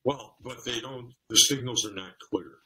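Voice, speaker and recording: A man's voice: medium pitch, moderate pace, pushed and bright, low-quality recording. A man on a podcast, telling stories about relationships and acting out the scenes. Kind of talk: casual conversation.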